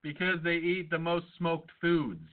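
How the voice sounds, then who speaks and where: A man's voice: fairly high pitch, animated, unhurried. A man hosting a podcast, trading crude, irreverent jokes in casual banter. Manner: irreverent, profane, joking. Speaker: podcast host. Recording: tinny phone-like audio.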